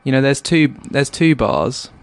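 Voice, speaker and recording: Slow, hesitant, deadpan man. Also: mid-range voice, dry recording. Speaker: podcast co-host. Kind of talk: casual comedic podcast chat.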